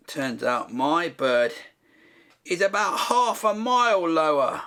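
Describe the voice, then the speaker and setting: A man's voice: a little high, big pitch swings, takes it slowly, bright, forceful tone. A male host giving comic, self-deprecating commentary while he paints.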